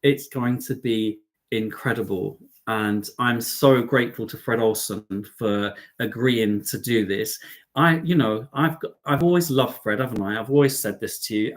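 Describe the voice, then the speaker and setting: A British man hosts a live stream, chatting excitably with his viewers and calling them darling and lovelies. His voice is medium in pitch and his pace is unhurried.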